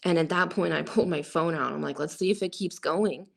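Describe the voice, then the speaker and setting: A woman's voice: fairly low pitch, fairly quick, vocal fry. A woman guest recounting a personal encounter in a rambling way, full of "like" and quoted asides.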